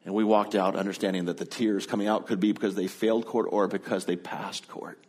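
A man's voice: fairly low pitch, steady tone, fairly quick, a little mellow. A middle-aged man preaching, telling a personal story in an earnest, conversational way before moving into scripture. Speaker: pastor.

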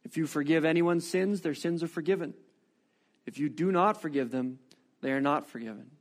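A man voicing a calm, gentle teacher figure in a soft, solemn, measured way as he reads scripture in a sermon. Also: on the high side, natural voice.

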